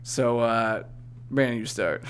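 A man's voice: medium pitch, takes it slowly, fairly bright tone, clear, resonant tone. An easygoing young man hosts a casual podcast. He talks in a loose, chatty way and keeps the segments moving along. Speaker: podcast co-host. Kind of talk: casual chat.

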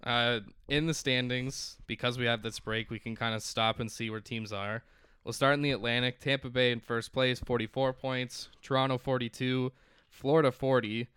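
Sports podcast dude, bright clear voice, chatty, reads off schedules and standings, dry close mic. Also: male voice, medium pitch, fairly even intonation, normal speed, no echo. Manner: chatty, reads out lists, laughs often. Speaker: podcast co-host. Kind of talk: casual sports chat.

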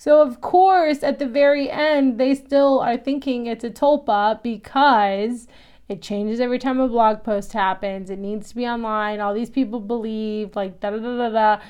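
A woman casually recapping a TV episode, chatty and animated, laughing often and acting out quoted lines. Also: a little high, moderate pace, smooth, lo-fi sound.

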